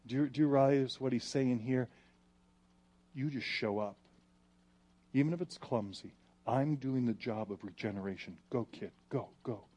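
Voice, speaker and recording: Pastor, male, animated sermon delivery, booming reads then soft pleas. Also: moderate pace, long pauses. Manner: animated, swings from loud reading to hushed pleading.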